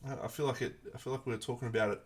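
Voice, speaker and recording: An Australian man teasing his friend in relaxed, matey banter. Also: mid-range voice, very fast, over a noisy crowd. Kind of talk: casual chat.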